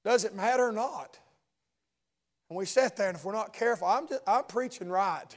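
A man's voice: sits high, normal speed, a crowd in the background. A man preaching a sermon in church, building with repeated phrases and asides to the congregation.

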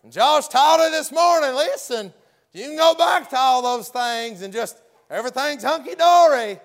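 A man's voice: extremely high pitch, lively intonation, moderate pace. A man preaching a folksy sermon, often hollering and acting out the story's characters.

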